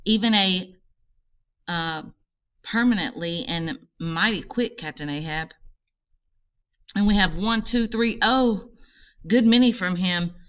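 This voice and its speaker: A woman voicing a male harpooner who speaks in halting, broken phrases and gropes for words, in an amateur audiobook reading. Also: lowish voice, fairly bright tone, clear, resonant tone, highs cut off. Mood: eager. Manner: faltering, groping for words.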